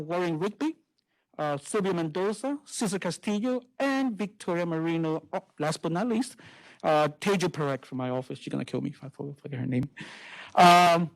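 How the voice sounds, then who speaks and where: A woman speaks at a college town hall, a little out of breath. Her delivery is chatty and hesitant, with many fillers between names and points. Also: fairly low pitch. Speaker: college committee lead.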